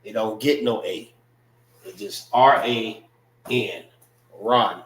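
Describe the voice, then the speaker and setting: An American man teaching a Hebrew class, slowly drilling pronunciation and checking in with "all right" and "know what I mean". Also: lowish voice, fairly bright tone, reverberant, poor audio. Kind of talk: classroom language lesson.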